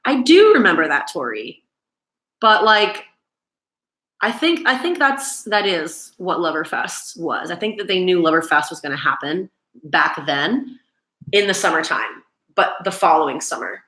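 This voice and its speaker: A woman's voice: lowish voice, expressive, unhurried, pushed and bright, reverberant. A woman hosting a casual livestream, chatting and gushing with lots of "like" fillers.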